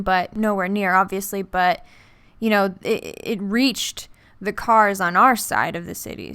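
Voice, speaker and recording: Soft-spoken young woman, halting and hesitant. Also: mid-range voice, clean tone, no echo. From New York. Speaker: art vlogger. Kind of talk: personal storytelling vlog.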